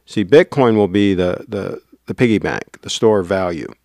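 A man's voice: sits low, moderate pace, darkish tone, no room sound, clean studio sound. A man hosting a casual livestream, rambling and reading out viewer comments. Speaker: livestream host.

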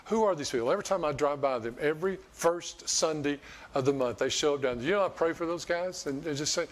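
A man's voice: on the high side, fast. Folksy older male pastor preaching. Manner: folksy, rambling, repeats words and restarts. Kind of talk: sermon. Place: church sanctuary.

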